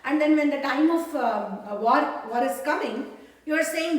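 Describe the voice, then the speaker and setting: High-voiced woman, halting. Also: expressive. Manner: halting, many fillers and restarts. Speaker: storyteller. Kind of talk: casual storytelling to a child. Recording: echoey room, mic far off.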